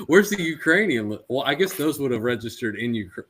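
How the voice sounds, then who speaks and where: A man's voice: medium pitch, a bit bright, slightly rough. A man in his thirties co-hosting a casual podcast chat, telling stories animatedly and laughing often. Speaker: podcast co-host.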